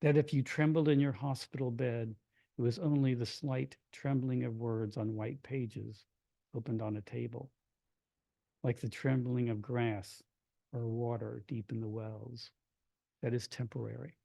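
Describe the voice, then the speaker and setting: A man from Kentucky, a poet, reading his poems aloud in a hushed, measured way, with brighter chatty asides to an audience between them. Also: mid-range voice, little pitch movement, gravelly, no room sound. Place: reading event before an audience.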